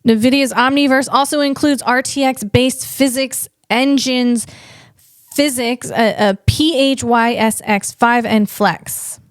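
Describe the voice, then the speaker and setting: A woman's voice: on the high side, fairly even intonation, takes it slowly, dry recording, studio quality. A woman hosting a solo podcast in a casual, rambling way, often correcting herself and laughing at herself. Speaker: podcast host.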